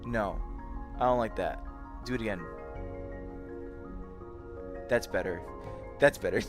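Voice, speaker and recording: A man's voice: lowish voice, slow, over music. A tired young man chatting casually on a late-night livestream, yawning and rambling as he greets his chat by name. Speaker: VR streamer.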